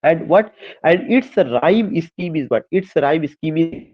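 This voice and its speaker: A man with an Indian English accent lectures an online class on poetry. His voice sits somewhat high and comes through muffled, lo-fi audio. He repeats key points, poses rhetorical questions and switches between English and Hindi. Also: expressive, slow. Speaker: literature teacher.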